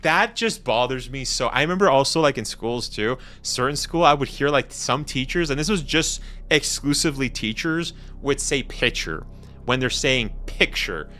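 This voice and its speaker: A young Canadian man with a Canadian accent, rambling and excitable in casual live-stream chat with slang. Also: mid-range voice, moderate pace, hardly any pauses. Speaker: gaming streamer.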